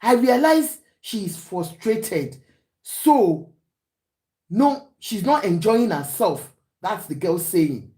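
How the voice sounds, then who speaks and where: A woman's voice: medium pitch, animated, slow pace, warm tone. A Nigerian woman hosting a talk show, giving preachy, emphatic commentary to her panel and often switching into Yoruba.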